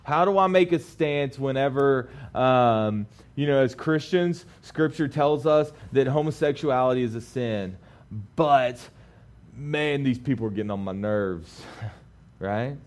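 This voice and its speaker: A man in his thirties preaching a sermon, alternating lively, laughing storytelling with calm scripture reading. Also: medium pitch, unhurried. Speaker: pastor.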